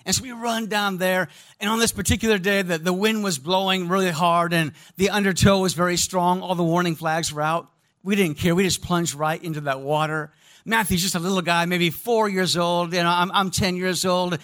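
A man with a high-pitched voice delivers a sermon. He tells stories with animation and talks right to the congregation, asking for their response. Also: normal speed. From American Midwest. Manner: storytelling, animated, addresses congregation directly. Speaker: pastor.

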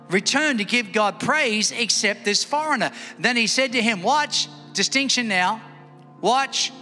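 Male preacher, high and lively, in a reverberant hall with light music underneath. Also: unhurried. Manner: lively, calls for congregation responses. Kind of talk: sermon. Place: church hall. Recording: echoey hall with faint music.

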